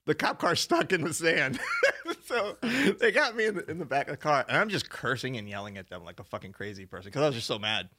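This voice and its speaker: Bright-voiced man telling a wild story. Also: medium pitch, fast talker, hardly any pauses. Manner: animated, laughing, swears freely. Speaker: podcast co-host. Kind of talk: casual storytelling chat.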